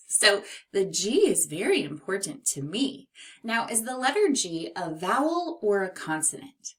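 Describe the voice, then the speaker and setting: A woman teaching young children a phonics lesson, speaking clearly and encouragingly. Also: mid-range voice, sing-song, unhurried, a bit bright. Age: adult.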